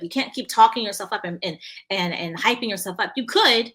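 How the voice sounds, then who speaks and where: A bright, clear-toned woman hosting her own show and talking straight to her listeners. She tells a personal story with lots of emphasis and swings her voice high to act out the people in it. Her tone sits in a middle register but rings bright and forward. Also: normal speed. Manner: animated, acts out quoted voices with big pitch jumps; emphatic, addresses listeners directly. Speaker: podcast host and coach.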